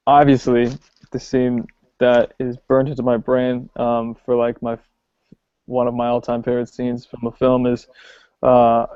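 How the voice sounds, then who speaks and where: A man co-hosting a podcast, talking casually about films with many pauses and ums. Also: medium pitch, clear, resonant tone. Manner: relaxed, hesitant with many ums. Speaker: podcast co-host. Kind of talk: casual film discussion. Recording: dull lo-fi podcast audio.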